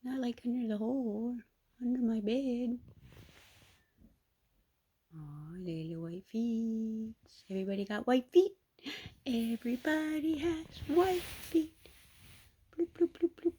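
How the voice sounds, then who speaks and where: A woman's voice: fairly high pitch, takes it slowly, long pauses, dark tone, slight background noise. A woman who breeds kittens, talking to them in cooing, sing-song baby talk.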